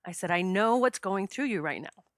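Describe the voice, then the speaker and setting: A woman's voice: mid-range voice, expressive, moderate pace, dry recording, clean studio sound. A middle-aged woman hosting a podcast, telling a personal spiritual story with heartfelt emotion that chokes her up. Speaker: podcast host.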